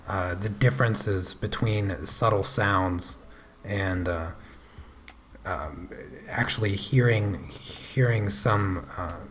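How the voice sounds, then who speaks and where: An American man hosting an art livestream, chatting casually with viewers while drawing, halting and full of fillers as he answers comments. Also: on the low side, fairly bright tone, a little hiss or hum. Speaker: art channel host.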